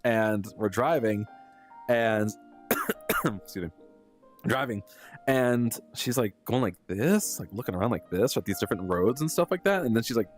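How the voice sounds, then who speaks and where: Young man, live streamer, casual storytelling, mid pitch, faint background music. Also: moderate pace, pauses often. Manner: animated, laughs often, lots of fillers.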